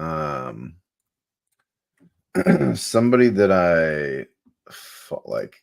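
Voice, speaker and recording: A laid-back man with an extremely deep voice talks through charts. He speaks slowly and loosely, with a gravelly edge. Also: sing-song. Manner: laid-back, rambling, many fillers. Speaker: co-host chart analyst. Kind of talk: casual chart talk.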